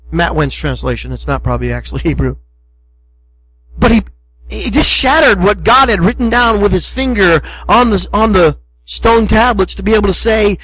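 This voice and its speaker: A man's voice: high voice, normal speed, a bit bright, slightly rough, rough recording. A middle-aged male pastor preaching a sermon in a conversational, emphatic way, acting out short asides.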